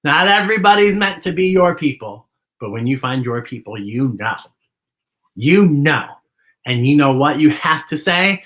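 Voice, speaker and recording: A woman's voice: low voice, expressive, moderate pace, fairly bright tone. A woman hosting a children's story time, reading a picture book aloud and talking directly to young viewers at home.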